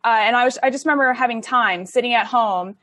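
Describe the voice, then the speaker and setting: A woman's voice: on the high side, quick pace, fairly bright tone, no echo. A young woman telling her story in a chatty, casual way, with many likes and ums and laughs between phrases. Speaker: interview guest.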